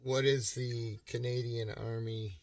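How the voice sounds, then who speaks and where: Male streamer, relaxed and jokey, chat reader, with noisy crowd in the mix. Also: medium pitch, slow pace. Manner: reads and comments on chat, chill and joking. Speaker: stream host. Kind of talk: casual live stream chat.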